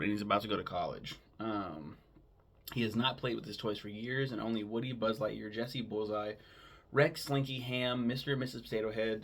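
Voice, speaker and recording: Man, low voice, gravelly, casual film recap, rambling, filler words, swearing. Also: a bit bright. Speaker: film podcast host.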